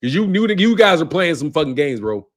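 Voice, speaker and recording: A man with a fairly high speaking voice hosts a boxing livestream in a loose, profane rant. He laughs between lines and keeps tacking "bro" onto them. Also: sing-song, fairly quick.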